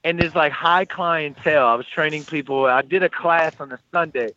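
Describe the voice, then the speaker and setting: A man in his thirties casually telling a personal story, animated and acting out what others said. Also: fairly high pitch, moderate pace, highs cut off. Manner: animated, quotes people in lively voices.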